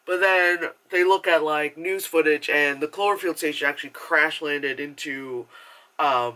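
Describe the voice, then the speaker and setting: Man, casual movie review rant, rambling, swears a lot, somewhat high voice. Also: a little slow, sharp tone. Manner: rambling, profane and chatty, full of filler words; acts out characters' lines in exaggerated voices.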